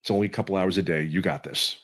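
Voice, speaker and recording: A man's voice: low voice, fast talker, fairly bright tone, husky. A man in his fifties giving an earnest, emotional testimonial on a video call webinar, pleading and repeating phrases for emphasis. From California. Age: 50s.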